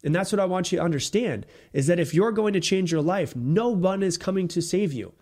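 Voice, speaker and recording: A man's voice: sits high, expressive, a little fast, a little mellow. A man hosting his own motivational podcast alone, talking bluntly and emphatically, repeating his points and swearing casually. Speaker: podcast host. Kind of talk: solo motivational podcast talk.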